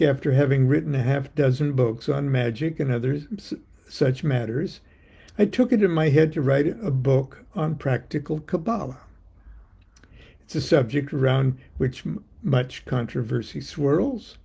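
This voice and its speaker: Older guy, slow gravelly voice, kinda dark and theatrical, wry storyteller. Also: on the high side. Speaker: occult author. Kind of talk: reciting a poem, then reflective monologue.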